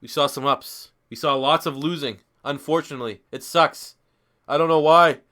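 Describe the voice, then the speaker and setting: Streaming a football video game after a few beers, a gaming YouTuber in his twenties keeps up rambling, profane, joking live commentary. He talks at a normal pace in a sharp, rather high voice.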